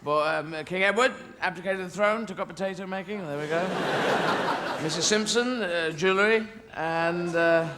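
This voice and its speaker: A male stand-up comedian rambles through absurd tangents with a high voice, swearing freely and dropping into silly voices. He performs live on stage, with loud background noise throughout. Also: moderate pace.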